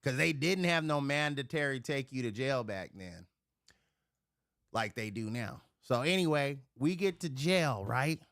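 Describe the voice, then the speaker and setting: A middle-aged man holds forth on a livestream, spinning a crude story with plenty of swearing. His voice sits in an ordinary middle range, but he jumps up high and loud whenever he acts out someone else. The sound is close and dry, with no room around it. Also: unhurried, vocal fry, no room sound. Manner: profane, animated storyteller acting out the voices of others. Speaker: livestream host.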